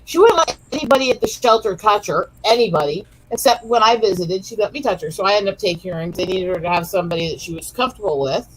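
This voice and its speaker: A woman co-hosting a relaxed stream, telling long casual stories about her pets in a chatty, rambling way. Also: medium pitch, fast talker, hardly any pauses, a little hiss or hum, low-quality recording. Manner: chatty, rambling anecdotes with restarts. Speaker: co-host of a chill stream. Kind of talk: casual chat.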